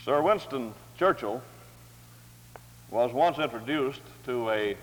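Formal man reading in a reverberant hall. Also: medium pitch. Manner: measured, formal, dignified delivery. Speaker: worship leader reading scripture and introducing a speaker. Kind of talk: formal scripture reading and introduction. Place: large hall or chapel.

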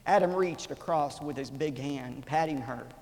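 A man in his forties preaching a sermon as a pastor, telling a story with drama, swelling loud and then dropping to a whisper. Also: a little high, normal speed. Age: 40s. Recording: reverberant hall, faint background noise.

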